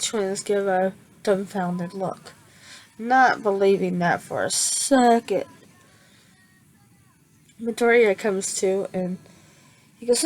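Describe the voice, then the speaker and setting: A woman telling a fan-made story in her own words, halting and restarting often with many fillers. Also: medium pitch, darkish tone, rough recording. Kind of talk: improvised fan fiction narration.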